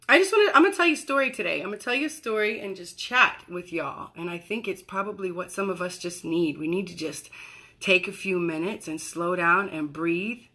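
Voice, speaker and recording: A woman's voice: lowish voice, pushed and bright. A woman in her forties hosting a casual chat, talking in a chatty, rambling way and interrupting herself. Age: 40s. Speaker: host.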